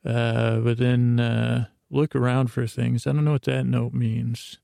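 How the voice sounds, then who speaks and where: A man's voice: medium pitch, little pitch movement, gravelly, mellow, dry recording, clean studio sound. A man hosting a podcast, telling a rambling bedtime recap in a meandering, hesitant, drowsy way full of asides. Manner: drowsy, unhurried. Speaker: podcast host.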